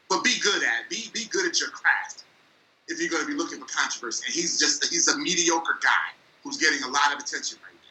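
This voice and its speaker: A man's voice: on the high side, pushed and bright, reverberant, slight background noise, poor audio. A man co-hosting a sports talk show, arguing his point with passion and exasperation. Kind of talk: heated sports debate.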